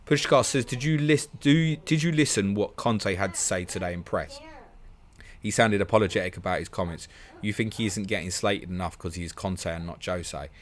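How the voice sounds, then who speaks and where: A man hosting a live stream, reading out viewer questions and answering them in quick, chatty bursts. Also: sits low. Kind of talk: fast casual live-stream Q&A.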